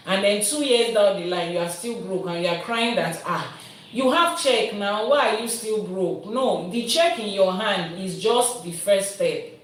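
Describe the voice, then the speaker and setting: A Nigerian woman teaching as an Ifa priestess, speaking at a medium pitch and explaining things step by step with homely comparisons. Her voice is picked up from some distance away. It rings around a very echoey room. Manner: patient, explanatory, builds points through everyday analogies. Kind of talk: live-streamed teaching answering viewer questions.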